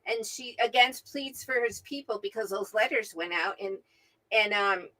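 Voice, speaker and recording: A middle-aged woman, mother of her co-host, retelling a Bible story as an animated storyteller who keeps asking "right?". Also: medium pitch, moderate pace, low-quality recording. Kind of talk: casual Bible discussion. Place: at home, remote from her co-host.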